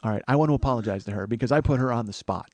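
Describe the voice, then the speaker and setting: A man's voice: mid-range voice, racing, a little mellow, dry recording. A man hosting a comedy podcast, telling a long rambling story with plenty of swearing and restarts. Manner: profane, rambling, self-interrupting. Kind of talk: casual storytelling monologue.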